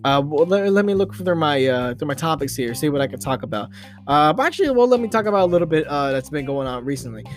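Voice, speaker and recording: A man's voice: on the high side, big pitch swings, fast talker, soft background music. A man hosting a podcast, telling an improvised story in a rambling, self-amused way with many restarts. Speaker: podcast host.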